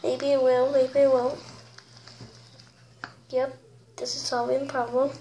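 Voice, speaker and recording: Giggly young woman, slow and echoey. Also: high-pitched, level tone. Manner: giggly, unsure, apologetic. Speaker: vlogger. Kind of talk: casual craft tutorial. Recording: echoey room with loud noise.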